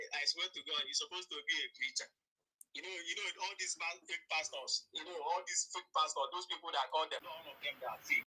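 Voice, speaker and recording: A defiant male caller argues over a raspy phone line. His voice is bright and tense, and his delivery is rough. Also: a little high, fairly even intonation, fairly quick. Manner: argumentative, defiant. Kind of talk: heated call-in argument. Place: in Norway.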